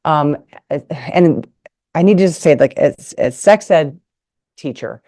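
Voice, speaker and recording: A middle-aged woman with a low, mellow voice gives a live talk over a video call. She is frank and playful, joking her way through a lesson with props on the table. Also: slow pace. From United States. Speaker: retired nurse and sex ed teacher giving a talk. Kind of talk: live online presentation with props. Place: indoors at a table.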